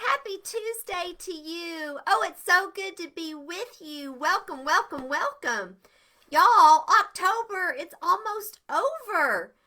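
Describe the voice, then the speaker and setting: An older woman with a very high, pushed, bright voice hosts a live etiquette show for kids. She greets her viewers with bubbly enthusiasm as the livestream lesson begins.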